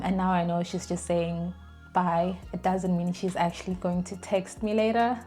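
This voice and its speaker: This lower-voiced young woman tells a story for her vlog in a chatty, animated way. She fills her speech with fillers and restarts, performing the lines she quotes.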